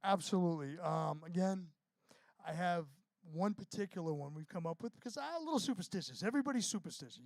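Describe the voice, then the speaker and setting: A man's voice: high voice, darkish tone, no echo. A man, a band frontman, talking casually and profanely in an interview, rambling through stories. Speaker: touring band frontman, guest.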